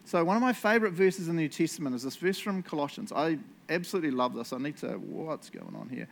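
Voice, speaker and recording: A man's voice: fairly high pitch, lively intonation, quick pace, vocal fry. A male pastor giving a casual, conversational sermon and prayer, self-deprecating and often ending lines with "eh?" or "right?". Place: church.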